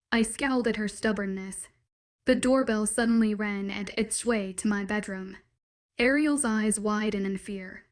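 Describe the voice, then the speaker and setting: A woman narrating a first-person romance story in an even, steady storytelling manner. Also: mid-range voice, unhurried.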